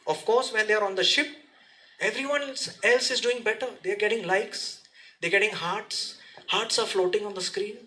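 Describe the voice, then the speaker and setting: A man speaks to a seminar audience in a lively, direct way and keeps firing questions at them. His voice sits high and sounds bright and forceful. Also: moderate pace, poor audio. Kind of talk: motivational seminar talk. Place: seminar room.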